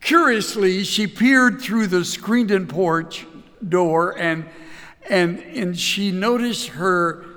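A man telling stories in a sermon, halting and repeating words with many fillers. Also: high voice, fairly bright tone, soft background music. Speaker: speaker telling illustrative stories. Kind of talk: sermon-style storytelling. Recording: long hall reverb.

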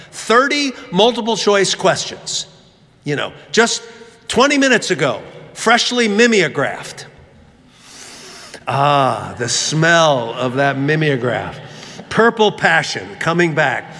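A preacher tells a funny story during his sermon, acting out the voices of the people in it. His voice sits high with a sharp tone, and the long reverb of a large hall surrounds it.

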